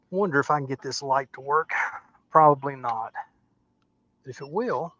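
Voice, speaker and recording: A man's voice: medium pitch, moderate pace, long pauses, a bit bright, no room sound. A man hosting a woodturning livestream, chatting casually and thinking aloud as he works in his workshop. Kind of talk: casual livestream chat while turning. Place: home workshop at a lathe. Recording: dull, dry, lo-fi sound.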